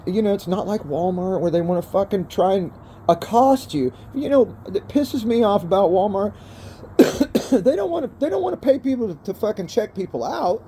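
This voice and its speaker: A man's voice: high voice, dark tone, slight background noise. An older man, rambling profanely in a casual vlog from outdoors by a fire, calling the viewer bro and man. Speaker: vlogger.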